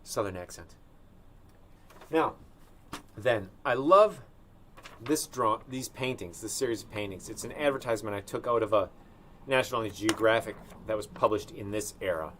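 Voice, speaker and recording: A man chatting casually while he paints live. He rambles offhand and thinks out loud in a room indoors. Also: fairly low pitch, moderate pace, pauses often, a little hiss or hum. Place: indoor studio room with a sunny window.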